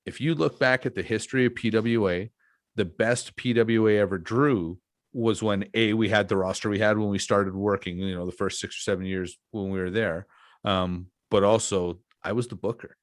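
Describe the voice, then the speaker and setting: A middle-aged man with a fairly low voice hosts a relaxed podcast conversation. He talks candidly and reflectively, winding through old stories. The sound is close and dry, with no room echo. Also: normal speed. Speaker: podcast host. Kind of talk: casual podcast chat.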